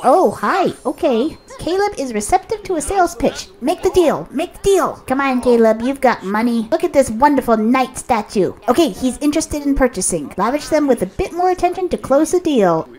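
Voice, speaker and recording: A woman giving casual commentary over a life-sim game, chatting to her characters and reacting with quick exclamations. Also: sits high. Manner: chatty, talks to her sims, lively reactions. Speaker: let's play host.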